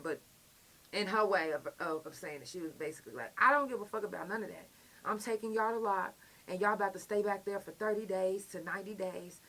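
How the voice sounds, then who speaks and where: Animated profane woman telling a story. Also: medium pitch, brisk. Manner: profane, animated, acts out quoted voices. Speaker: podcast host. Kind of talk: casual storytelling.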